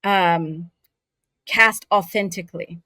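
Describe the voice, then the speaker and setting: A woman's voice: fairly low pitch, slow, no echo. Candid woman, voice actor, dry podcast sound. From raised in Saudi Arabia. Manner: candid, animated storyteller. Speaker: voice actor guest. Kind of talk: casual interview conversation.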